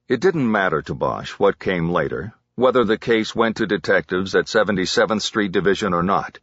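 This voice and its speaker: A man reading a crime novel aloud as an audiobook narrator, measured and dramatic. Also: low voice, expressive, fairly bright tone, dry recording, muffled recording.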